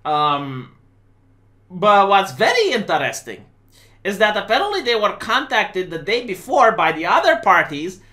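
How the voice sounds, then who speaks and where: A man's voice: high-pitched, unhurried. Sarcastic Romanian-accented young man. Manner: sarcastic, animated, many fillers and restarts. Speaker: political commentator streamer. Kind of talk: casual sarcastic monologue.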